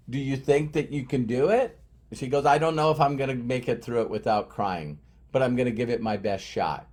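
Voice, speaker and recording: A man's voice: medium pitch, darkish tone. A middle-aged man giving an emphatic motivational talk to his team, repeating key phrases for effect. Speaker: motivational speaker.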